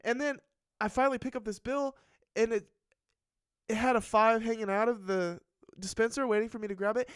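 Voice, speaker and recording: A man's voice: very high-pitched, normal speed, a bit bright, clean tone, no echo, clean studio sound. A man hosting a live stream, chatting casually and telling a rambling story with plenty of swearing. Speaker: livestream host. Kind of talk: casual livestream chat.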